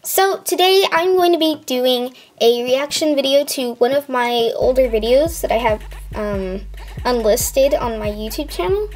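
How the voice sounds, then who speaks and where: A woman's voice: sits high, measured pace. A young woman in her teens hosting a casual reaction vlog, giggly and rambling with lots of ums and likes. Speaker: YouTuber.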